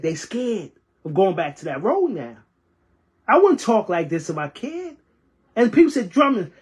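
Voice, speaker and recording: A transit worker from New York delivering an impassioned rant, heated and repeating phrases for emphasis. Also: high voice. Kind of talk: impassioned ranting monologue.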